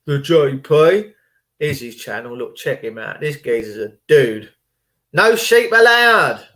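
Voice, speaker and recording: A man's voice: mid-range voice, unhurried, a little mellow. A man hosting his own channel, chatting casually and rambling as he retells stories and reacts to videos. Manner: chatty, rambling, retells phone calls in reported speech. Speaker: channel host. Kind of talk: casual chat.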